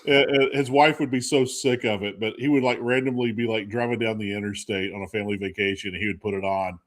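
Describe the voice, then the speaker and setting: A man's voice: lowish voice, fairly even intonation, fast, a bit bright. A man hosting a talk show in casual chat, rambling with lots of fillers and laughing often. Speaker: host.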